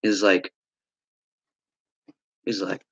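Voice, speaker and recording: A young man telling a long story in a casual, rambling way, swearing often and filling pauses with "like" and "uh". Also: low voice, level tone, gravelly, a bit bright, dull audio, a little hiss or hum. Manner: rambling, swearing, frequent fillers.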